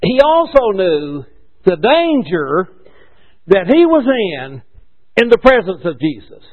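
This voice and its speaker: A man's voice: high voice, very animated, slow. A man preaching a sermon in a conversational way, asking rhetorical questions and correcting himself as he goes. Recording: dull lo-fi recording.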